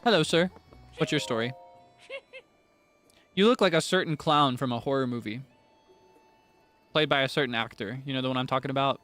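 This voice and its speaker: A male streamer chatting over his game in a casual, self-deprecating way. He giggles often and rambles easily between thoughts. His voice sits at an ordinary middle pitch, with faint music underneath. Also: fairly quick, long pauses, a bit bright. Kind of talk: casual gameplay commentary.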